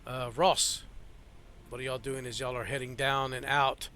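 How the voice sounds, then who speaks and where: A man narrating as game master, with a bright, clear tone and a middling pitch. He talks in a loose, halting way and leans on fillers as he describes the scene over an online call. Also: little pitch movement, slight background noise.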